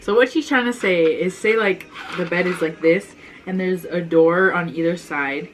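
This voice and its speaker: A woman's voice: lowish voice, moderate pace, soft background music, poor audio. Chatty young woman telling stories. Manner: chatty, many "like" fillers, laughs often. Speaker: vlogger, older sister. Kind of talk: casual storytelling chat.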